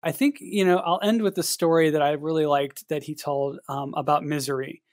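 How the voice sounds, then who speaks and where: A man's voice: fairly high pitch, fairly even intonation, dry recording, studio quality. Hesitant man chatting on a podcast. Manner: measured, hesitant, many fillers and restarts. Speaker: podcast co-host and editor. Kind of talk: casual podcast chat.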